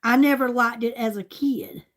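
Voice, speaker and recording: A woman's voice: a little high, normal speed. An older woman, a grandmother chatting casually with her livestream viewers in a gushing way. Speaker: livestream host.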